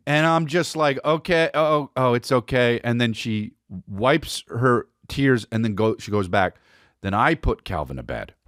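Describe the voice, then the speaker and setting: Male comic podcast host, lively pitch swings, dry close sound, profane storytelling. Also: measured pace, no room sound. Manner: animated, profane, rambling. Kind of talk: comedic storytelling.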